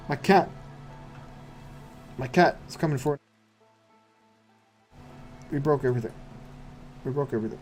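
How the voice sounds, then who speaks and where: A man's voice: medium pitch, normal speed, long pauses, soft background music. A man streaming a game live, muttering to himself in casual commentary full of wry asides and rhetorical questions.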